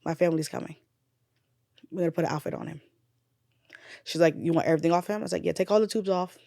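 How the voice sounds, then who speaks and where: A woman's voice: lowish voice, fast talker, vocal fry, no room sound, studio quality. A woman, a nurse and bereaved mother, retelling a painful memory in a candid podcast conversation. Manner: candid, swearing, drifts from loud retelling to quiet grief.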